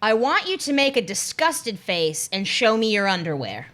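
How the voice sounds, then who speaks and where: A woman co-hosting a podcast who runs a quiz game, reading prompts deadpan and laughing often in casual banter. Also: mid-range voice, moderate pace. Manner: giggly, reads prompts deadpan then laughs.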